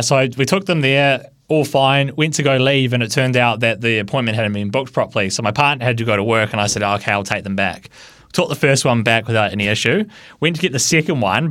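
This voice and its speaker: A New man tells a story on air in a radio studio, laughing often and tripping over his own restarts. His voice sits in a middle pitch, and the sound is close and dry. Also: a bit bright, no echo. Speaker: radio producer.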